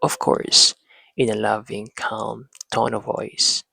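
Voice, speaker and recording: Slow gravelly-voiced man, husky and dry. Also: fairly low pitch, little pitch movement, sharp tone, dry recording, low-quality recording. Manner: talks to himself, pauses and restarts. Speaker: parenting channel host. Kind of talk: slow reflective monologue.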